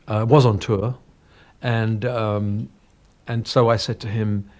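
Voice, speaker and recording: A sixty-something North London man, on the radio as a guest singer, tells anecdotes in a casual, self-deprecating chat from the studio. His English accent has a slight Cockney and northern tinge. His voice is lowish and darkish, level in tone and slow-paced.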